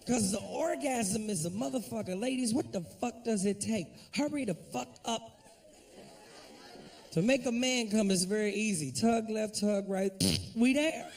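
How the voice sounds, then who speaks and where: A man's voice: sits high, far from the mic, a little hiss or hum. A man doing a profane, brash stand-up set, jumping in and out of acted-out voices. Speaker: stand-up comedian.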